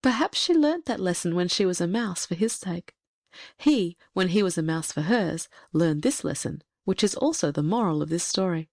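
A woman's voice: on the low side, animated, normal speed, darkish tone, no room sound, studio quality. Woman reading a fairy tale aloud. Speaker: audiobook reader. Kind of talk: storybook narration.

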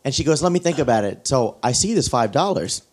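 Casual male co-host, relaxed storyteller who acts out dialogue. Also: medium pitch, fast. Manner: laid-back storyteller, acts out customers. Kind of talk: casual podcast chat.

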